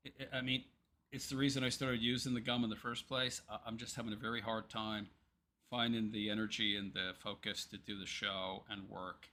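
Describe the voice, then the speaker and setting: A man's voice: fairly low pitch, level tone, brisk, sharp tone. A man hosting a casual livestream, rambling and hesitant, with many ums and restarts as he reads chat and picks topics. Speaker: livestream commentary host.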